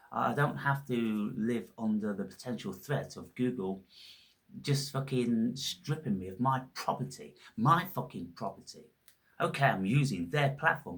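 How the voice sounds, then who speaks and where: A man's voice: lowish voice, creaky. A man hosting his own channel, ranting in a scornful, heavily profane monologue. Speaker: channel host.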